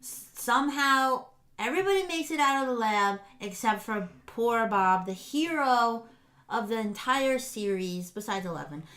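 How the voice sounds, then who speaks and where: Woman, podcast co-host, casual rambling recap, excitable. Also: fairly high pitch, moderate pace. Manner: rambling, excited retelling with many fillers. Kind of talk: casual chat recapping a show.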